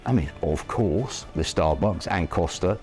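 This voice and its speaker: Blunt Yorkshireman with a deep, lively voice. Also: unhurried, soft background music. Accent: Northern English. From Yorkshire, England. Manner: blunt, animated storytelling with rhetorical questions. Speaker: property education presenter. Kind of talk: motivational talk to camera.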